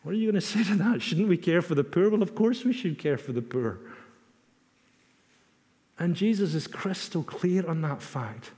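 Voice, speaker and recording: A man preaching a sermon in a measured, emphatic way, repeating phrases for stress. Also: high-pitched, very animated, mellow. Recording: long reverb of a hall.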